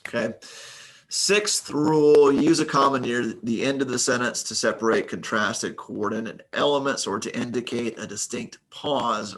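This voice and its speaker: A man with a mid-range, slightly bright voice teaches a recorded grammar lesson. He reads example sentences aloud and explains them methodically, now and then using a filler.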